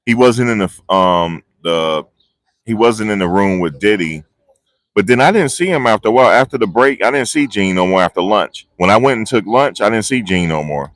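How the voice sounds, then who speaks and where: A man reports live from the street into a phone on a gimbal. His fairly low voice sounds close and dry. He rambles excitedly and keeps losing his train of thought. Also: moderate pace, dry recording. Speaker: vlogger reporting on a trial. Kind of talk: live casual street commentary. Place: outdoors outside a courthouse. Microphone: phone on a handheld gimbal.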